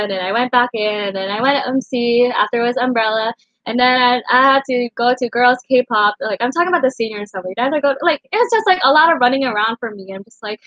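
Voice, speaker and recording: A woman's voice: fairly high pitch, a bit bright, dry recording, lo-fi sound. A young woman in her late teens rambling emotionally through a casual storytime vlog, full of fillers. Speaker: vlogger.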